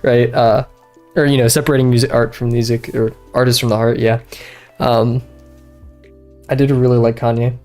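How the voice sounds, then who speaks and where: A young man chats in a level, slightly mellow mid-range voice at normal speed, leaving long pauses as he draws on a stream from his bedroom. Faint music plays behind him while he rambles, gets distracted, piles on fillers and restarts, and laughs often.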